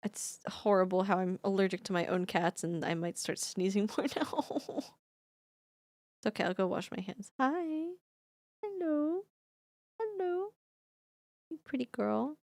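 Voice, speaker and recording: A woman's voice: lowish voice, fairly even intonation, moderate pace, a little mellow, dry recording, studio quality. A woman streamer chatting casually from her home recording setup, talking affectionately to her cat in baby talk and swearing now and then. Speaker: streamer and singer. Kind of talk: casual live-stream chat.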